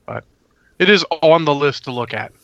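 A man's voice: on the high side, expressive, moderate pace, gravelly, fairly bright tone, no room sound, dull audio. A man hosting a casual movie review chat, talking in a rambling, opinionated way. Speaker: movie review podcast host.

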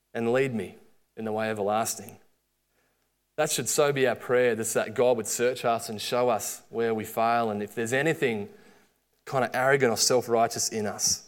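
A middle-aged man with an Australian accent preaching a sermon, with lively storytelling and quoted asides. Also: medium pitch.

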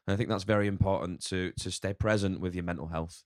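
A man's voice: deep voice, steady tone, quick pace, dry recording, clean studio sound. A man who runs a restaurant, talking candidly as a podcast guest and swearing casually now and then. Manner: candid, swears casually, acts out inner voices.

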